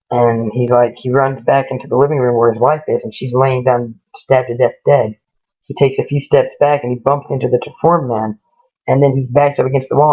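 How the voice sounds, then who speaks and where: A man casually retelling a ghost story in a rambling way, stringing events together with "he goes" and "she goes". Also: medium pitch. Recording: tinny phone-like lo-fi audio.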